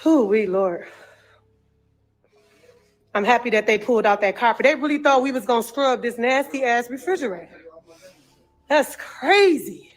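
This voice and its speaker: A woman filming on her phone while clearing out a dirty house, talking bluntly with lots of swearing and exclamations. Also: a little high, fairly quick, long pauses. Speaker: cleanup crew member filming a house. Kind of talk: casual vlog commentary while working.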